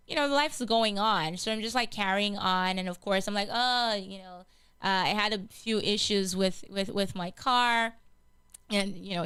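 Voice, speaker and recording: On a gospel radio show she hosts, a woman tells her personal testimony with earnest feeling, speaking casually and frequently repeating and restarting. Her mid-range voice sounds sharp yet smooth, and there's no room sound.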